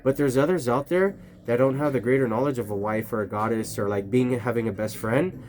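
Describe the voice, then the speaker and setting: A man's voice: mid-range voice, a little fast, darkish tone, slight background noise. A man vlogging outdoors at night, rambling casually to his camera, swearing and laughing often. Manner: rambling, profane, laughs a lot.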